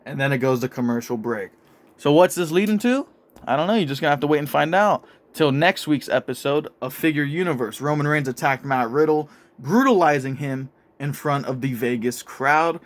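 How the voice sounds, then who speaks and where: A young man with a slightly high voice tells a wrestling story like a play-by-play caller. He talks casually and swears often. He sounds excitable and loose, never scripted. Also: normal speed. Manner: profane, excitable play-by-play narration. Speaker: show host narrating a toy wrestling storyline.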